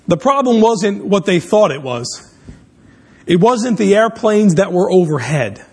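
A pastor preaching, opening with a lively illustrative story before turning to his sermon topic. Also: high-pitched, slightly rough. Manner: animated storyteller, speeds up in tense moments.

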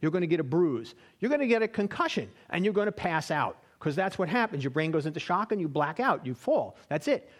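High-voiced man teaching a Bible class. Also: sing-song, a little fast, hardly any pauses. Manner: chatty, checks in with listeners with "right?".

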